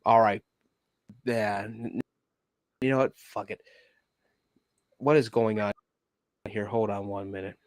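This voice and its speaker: A man's voice: on the low side, steady tone, slow pace, pauses often, dry recording. A man hosting a casual gaming livestream, swearing freely and laughing often as he reacts to game trailers and fights his computer. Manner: profane, laughs often, grumbles at tech trouble.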